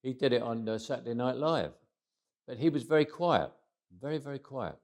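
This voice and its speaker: A man's voice: mid-range voice, animated, brisk, darkish tone. An older man with a London accent telling wry anecdotes in an interview, often restarting phrases and acting out quoted lines. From England. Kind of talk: casual interview storytelling.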